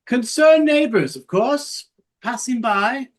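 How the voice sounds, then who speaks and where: A woman's voice: a little high, lively intonation, slow pace. A woman voicing a brash tough woman who offers strong drink in a coaxing street-talk patter. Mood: innocent.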